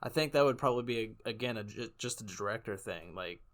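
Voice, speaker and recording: A man's voice: lowish voice, expressive, fast talker, a bit bright. A man co-hosting a podcast in casual chat, rambling and laughing often between jokes. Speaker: podcast co-host.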